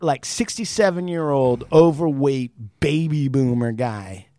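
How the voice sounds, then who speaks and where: A man hosting a podcast in casual chat, telling animated stories and laughing often. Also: mid-range voice, unhurried, dry recording. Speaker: podcast host.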